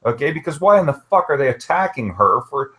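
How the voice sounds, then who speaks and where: A man in a heated online argument, talking at an ordinary pitch. He presses his version of events, swearing freely and tacking "okay" onto nearly every phrase. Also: very animated, brisk, heavy background noise. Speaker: participant in an online group hangout.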